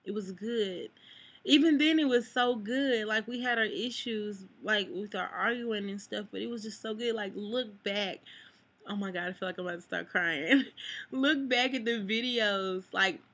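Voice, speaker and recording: Young woman, vlogger, bright voice, rambling, lots of "like", emotional confession to camera. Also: mid-range voice, moderate pace. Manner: rambling, fills with "like", near tears at times. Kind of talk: emotional personal vlog talk. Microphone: camera mic.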